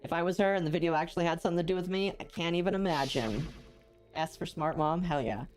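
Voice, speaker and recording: A woman's voice: fairly low pitch, fast talker, darkish tone, faint music behind. A woman streamer playing a story game, reading the characters' lines aloud and cutting in with joking asides. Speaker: gaming streamer.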